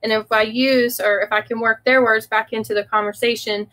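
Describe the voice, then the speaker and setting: A woman with a Southern American accent from the southern United States co-hosts a business talk show, keeping things friendly and chatty with light laughter. Her voice sits on the high side with little pitch movement, and she talks fairly quickly in a sharp tone. The recording quality is low.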